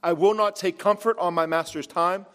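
A dutiful male servant, as a preacher puts him on speaks firmly and with set purpose, in a fairly high voice. He sounds steady and determined. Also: normal speed, big-room sound. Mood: resolute. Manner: firm, determined.

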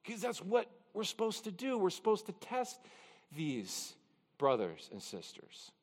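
High-voiced pastor preaching in a reverberant hall. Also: male voice, animated. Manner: conversational, self-deprecating, quick asides. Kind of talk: expository sermon. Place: church sanctuary.

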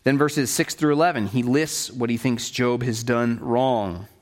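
A man's voice: mid-range voice, steady tone, unhurried. A man leads a Bible study lecture in an easygoing, conversational manner. He paraphrases scripture in everyday words, restarts his sentences, and keeps checking in with his listeners. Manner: conversational, checks in with "right?" and "okay?"; explains in plain paraphrase with restarts. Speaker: Bible teacher.

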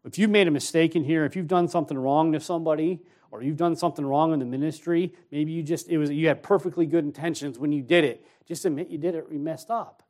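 A man, an associate pastor, preaching a sermon, telling a personal story in an easy conversational way and then exhorting more forcefully. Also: fairly high pitch, fairly even intonation, fast talker, hardly any pauses. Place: church.

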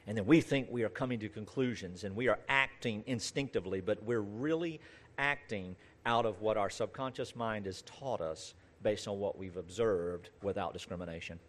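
Here a male pastor with a lowish, fairly bright voice delivers a sermon. After reading from scripture, he speaks earnestly and conversationally, letting his emphasis swell and drop and stacking lists that grow in intensity.

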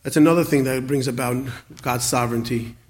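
A man in his forties preaching a sermon, earnest, with many stammered restarts and swings between loud emphasis and quiet asides. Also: mid-range voice, fairly even intonation, fairly quick. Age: 40s. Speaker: pastor.

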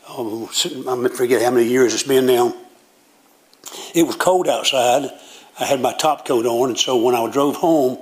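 An older man, preaching a sermon as pastor and telling stories in a plain, folksy way. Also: mid-range voice. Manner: folksy storytelling with plain country grammar.

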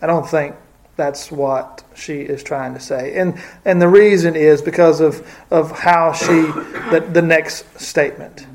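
A man's voice: on the high side, steady tone, measured pace, noisy background. A man teaching a casual Bible study, talking hesitantly with many fillers and restarts.

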